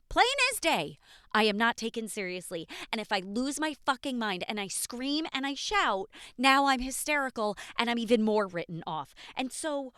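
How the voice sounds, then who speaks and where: A woman's voice: fairly high pitch, sharp tone, smooth, no room sound, clean studio sound. Candid impassioned woman hosting a podcast. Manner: candid and impassioned, swears freely. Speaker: podcast host. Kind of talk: unscripted personal podcast monologue.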